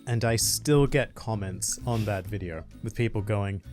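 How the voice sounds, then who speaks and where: Low-voiced Australian man, animated storyteller. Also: faint music behind. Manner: animated storytelling with quick asides. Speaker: podcast co-host and video creator. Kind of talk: casual chat.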